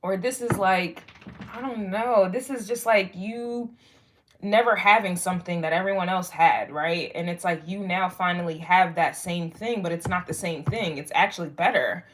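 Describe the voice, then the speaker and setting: This is a young woman with a somewhat low voice, talking straight to her viewers during an astrology reading. She rambles, curses freely and leans on fillers as she works her way toward each point. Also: moderate pace, a little hiss or hum. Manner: rambling, frank and profane, lots of fillers. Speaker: tarot and astrology reader. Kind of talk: casual spoken reading to viewers.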